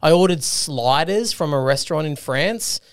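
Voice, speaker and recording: A man's voice: fairly high pitch, expressive, normal speed, clear, resonant tone. A man, chatting casually and laughing at himself. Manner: laughing, chatty, self-deprecating. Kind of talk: casual chat.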